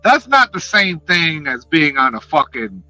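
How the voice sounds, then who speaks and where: A man chatting casually on a live stream, talking in an animated, passionate way and swearing freely, speaking into a headset. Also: on the high side, a little slow, faint music behind, low-quality recording. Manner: animated, passionate, profane talk.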